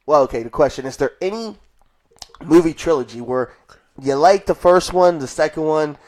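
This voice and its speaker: A man's voice: on the high side, moderate pace, darkish tone. A man co-hosting a casual podcast, emphatic, stumbling over and repeating words. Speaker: podcast co-host. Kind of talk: casual chat.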